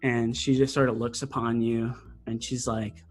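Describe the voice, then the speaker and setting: A man runs a tabletop game, narrating scenes in a loose, rambling way with plenty of "like" and "um". His voice sits at an ordinary middle pitch, and faint music plays behind him. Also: level tone, moderate pace. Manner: rambling, full of fillers and likes. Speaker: game master.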